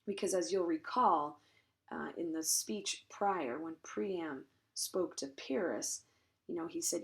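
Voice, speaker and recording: A woman with a slightly low voice explains a Latin passage line by line. She thinks aloud, pausing on ums and correcting herself as she goes, with a dry wry edge to her asides. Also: creaky, a bit bright. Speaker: Latin teacher. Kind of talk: recorded translation lesson.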